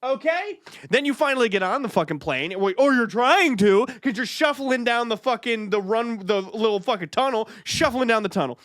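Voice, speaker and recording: A young man with a strikingly high voice launches into a profane, exasperated comic rant as a radio co-host. The sound is close and dry, with no room around it. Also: expressive, moderate pace, fairly bright tone, no room sound. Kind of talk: comedic rant.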